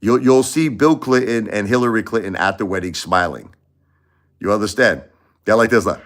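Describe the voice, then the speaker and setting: Low-voiced man ranting on a livestream. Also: moderate pace. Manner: rambling, repeats himself, animated. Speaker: livestream host. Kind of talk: casual opinion livestream.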